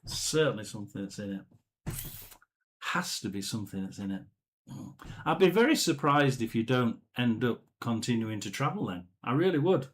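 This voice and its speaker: A man hosting a live tarot session, musing aloud and often clearing his throat. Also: medium pitch, normal speed, poor audio. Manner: musing, talks to himself, frequent throat clearing. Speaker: tarot reader and live stream host. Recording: steady background noise.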